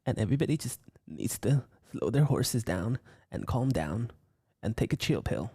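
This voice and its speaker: A man voicing a self-important male businessman who talks down to his crew in a low, hushed voice. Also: very animated, normal speed, husky, dry recording, clean studio sound. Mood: patronizing. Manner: low, hushed, patronizing third-person talk.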